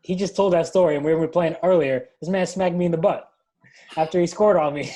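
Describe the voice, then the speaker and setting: A man's voice: a little high, brisk, warm tone. A man chatting casually on a podcast, cracking teasing jokes. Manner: teasing, joking asides. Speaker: podcast co-host. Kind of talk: casual chat.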